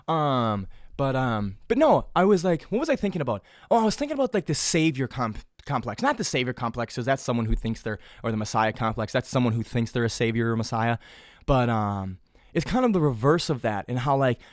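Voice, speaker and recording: A man's voice: mid-range voice, very animated, fairly quick, dry recording, clean studio sound. A young man hosting his own podcast, talking casually in a rambling way, swearing often and mocking himself in a whiny voice. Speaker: podcast host. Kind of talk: casual solo podcast monologue.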